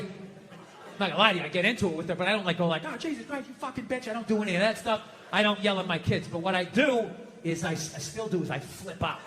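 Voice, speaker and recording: Male stand-up from the US, high-pitched, exasperated profane ranter. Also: background noise. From United States. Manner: profane, exasperated, self-mocking ranting. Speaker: stand-up comedian. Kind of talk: stand-up comedy routine.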